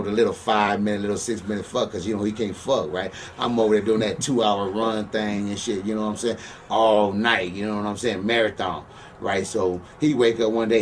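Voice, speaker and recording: A former wrestler in an interview, telling crude stories in a slightly low voice and swearing all the time. He sounds boastful and blunt and keeps checking "you know what I'm saying?" The mic sits some way off, with a faint hiss of background noise. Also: darkish tone, distant mic. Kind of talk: profane shoot-interview storytelling.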